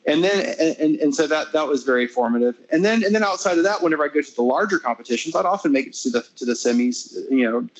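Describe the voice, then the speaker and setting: Rambling American guitarist in conversation. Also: male voice, on the high side, fast talker, few pauses, lo-fi sound. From United States. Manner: rambling, many restarts and fillers, animated when retelling. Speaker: classical guitarist and interview guest. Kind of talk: casual conversational interview.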